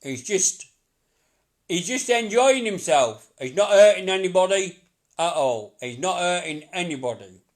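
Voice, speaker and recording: A middle-aged man with a voice pitched a touch high gives a psychic reading to a sitter. He talks in a chatty, looping way, repeats himself and laughs easily between his lines. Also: lively intonation, a little slow. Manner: chatty, repetitive, laughing often. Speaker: psychic medium.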